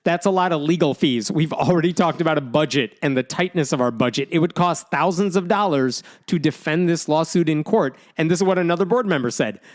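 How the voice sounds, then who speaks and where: A man's voice: on the high side, a little fast, few pauses. A man co-hosting a podcast, chatting casually and reading out quotes with sarcastic asides. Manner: animated, reads out quotes with sarcasm. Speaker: podcast co-host. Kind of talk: casual chat.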